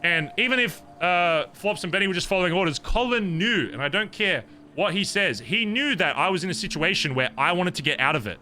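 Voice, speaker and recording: A man's voice: sits high, animated, fairly quick, pushed and bright, slight background noise. A man staying in character during a roleplay conversation, venting in a heated, profane retelling. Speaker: streamer in character.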